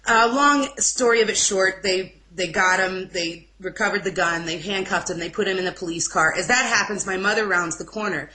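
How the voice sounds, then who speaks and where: A young woman giving an emotional personal testimony in an informal interview, speaking haltingly with restarts. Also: medium pitch, sharp tone, slight background noise, low-quality recording. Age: young adult. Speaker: interview guest.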